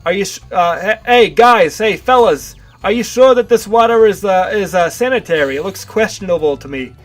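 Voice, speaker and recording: A man's voice: high voice, animated, normal speed, soft background music, pitched above the performer's own voice. A man putting on the voice of a fussy, anxious male elephant, asking fretful questions.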